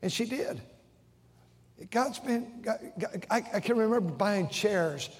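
An older man preaches from the pulpit, his voice high for a man. He talks with heartfelt emotion, stumbling and restarting his phrases. The big auditorium wraps every word in a long, ringing reverb. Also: lively intonation, measured pace. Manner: emotional, repeating himself with stammered restarts. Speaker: pastor. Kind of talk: sermon. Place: large church auditorium.

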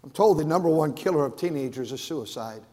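A man preaching as the pastor of his church, earnest and stumbling over repeated words, rising loud and then dropping to a hush. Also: a little high, animated, brisk. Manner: earnest, repeats and restarts words, swings from raised to hushed. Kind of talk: sermon. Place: large church sanctuary. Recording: long hall reverb.

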